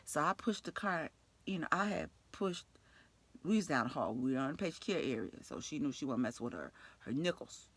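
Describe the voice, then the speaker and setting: A woman with a New York accent, a nurse telling an animated, profane story from work with frequent laughter. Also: sits low, a little fast, slightly rough. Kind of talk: storytime vlog.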